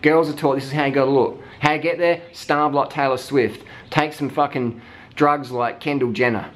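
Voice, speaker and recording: A man's voice: medium pitch, steady tone, normal speed. Ranting man, swearing hard. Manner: heated, heavy swearing, mocking put-on voices. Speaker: vlogger. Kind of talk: profane rant.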